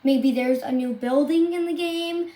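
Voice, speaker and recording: High, excitable woman gaming streamer. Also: unhurried, soft background music. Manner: gushing, excitable, squeals and exclaims often. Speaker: game streamer. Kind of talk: live gameplay commentary to viewers.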